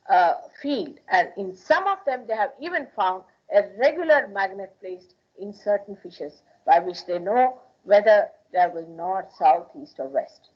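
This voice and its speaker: A woman from India with an Indian accent, giving an emphatic public spiritual talk in a hall and repeating phrases for stress. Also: mid-range voice. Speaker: spiritual teacher. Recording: dull lo-fi archival 1981 recording.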